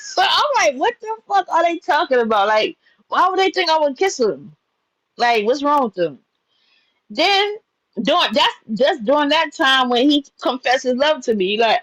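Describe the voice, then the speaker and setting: Animated young woman, dry close sound. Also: sits high, moderate pace, dry recording, poor audio. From New York. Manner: animated, profane, laughs while telling. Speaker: storyteller. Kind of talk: casual storytime chat.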